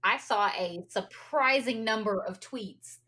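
Woman, podcast co-host, mid pitch, wry, casual, self-correcting. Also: unhurried, pushed and bright. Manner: wry, restarts phrases. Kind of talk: casual chat.

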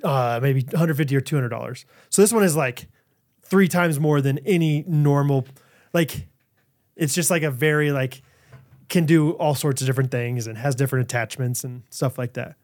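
A man in his thirties co-hosting a podcast, telling stories in casual chat and acting out shouted quotes. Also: medium pitch, moderate pace. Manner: animated storyteller, acts out shouted quotes. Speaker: podcast co-host.

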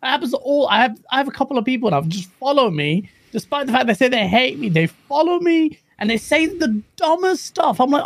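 A man's voice: extremely high pitch, big pitch swings, fairly quick, fairly bright tone, dry recording. Man, podcast co-host, exasperated storytelling, dry close sound. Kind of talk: casual podcast chat.

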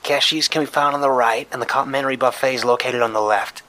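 A man's voice: medium pitch, steady tone, fast talker, sharp tone, voice pushed up, close to an everyday voice. A man voicing a woman announcer with a heavy Boston accent, heard over a radio. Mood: announcing.

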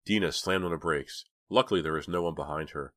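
A man reading a novel aloud as an audiobook, in an even, measured storytelling manner. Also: very deep voice, no room sound. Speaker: audiobook reader. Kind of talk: audiobook narration.

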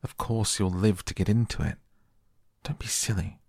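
A man's voice: fairly low pitch, normal speed, gravelly, darkish tone, slightly rough, no echo, studio quality, pitched above the performer's own voice. A man voicing a blunt, stubborn young girl in a storybook reading, plain-spoken and earnest. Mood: indignant.

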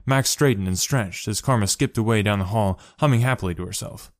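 A man reading a story aloud in steady narration, doing the characters' voices. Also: fairly low pitch, brisk, no room sound, studio quality. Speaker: story reader.

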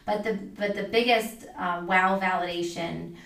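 A woman's voice: on the low side, fairly even intonation, a little slow, gravelly, recorded from a distance, over a noisy crowd. A woman being interviewed as a medium, telling stories in a chatty way with many fillers. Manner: chatty, many fillers, acts out quoted voices. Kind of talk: casual storytelling interview. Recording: roomy, a bit off the mic.

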